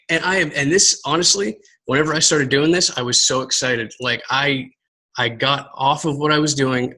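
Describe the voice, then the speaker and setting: A man from Southern Texas giving a casual motivational talk to his team, energetic and rambling, repeating words and calling his viewers guys. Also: mid-range voice, husky, rough recording. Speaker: team coach giving a live video talk.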